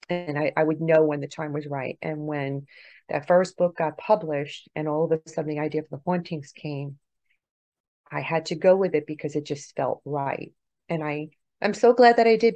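A middle-aged woman, a podcast guest, telling an earnest personal story that swings between hushed and excited. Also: sits low, no room sound. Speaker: guest, author and paranormal investigator.

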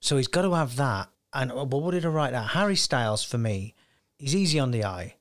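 A man's voice: mid-range voice, brisk. Guy hosting a casual chat, bouncy up-and-down voice, jokey. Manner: animated, laughs often, jokey. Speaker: podcast host.

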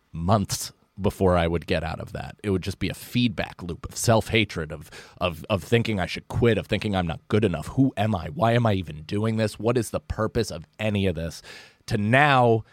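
American man, comedian guest, lowish voice, dry close mic, earnest and reflective. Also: normal speed, dry recording. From United States. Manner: reflective, earnest, casual swearing. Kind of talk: candid podcast interview.

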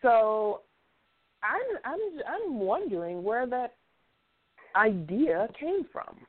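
A woman who regularly appears on the show offers blunt, opinionated commentary in a casual chat, chuckling now and then. Her slightly high voice swings widely in pitch and moves slowly, and the audio sounds tinny, like a phone.

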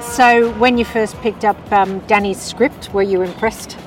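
Australian interviewer, woman, mid-pitched, jokes and laughs, outdoors with soft music and traffic. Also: fairly even intonation, measured pace, distant mic, low-quality recording. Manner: friendly, joking, laughs often. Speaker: entertainment interviewer. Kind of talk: casual interview chat.

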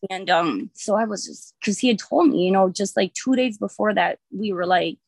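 A woman's voice: mid-range voice, normal speed, gravelly, no echo. A woman in her thirties telling a personal story in casual chat, rambling with lots of filler words and frank swearing.

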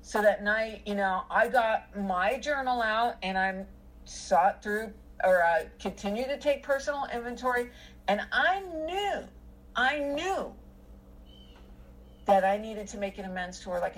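A woman's voice: mid-range voice, expressive, unhurried, low-quality recording. A middle-aged woman telling a personal story in casual conversation, rambling with many fillers and restarts.

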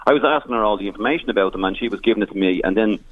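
A man's voice: fairly low pitch, rapid-fire, no echo. Irish man on a phone line. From Ireland. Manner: emotional storytelling with many restarts. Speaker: charity founder guest. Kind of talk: radio interview.

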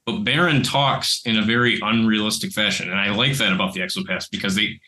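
A man co-hosting a casual podcast, talking in an animated, rambling way and swearing now and then. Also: lowish voice, a little fast, poor audio. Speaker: podcast co-host.

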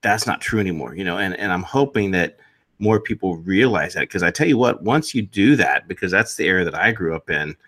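A man's voice: sits low, animated, fairly quick, fairly bright tone. A man in his forties co-hosting a podcast in an easygoing way, laughing often and using folksy phrases. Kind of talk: casual political chat.

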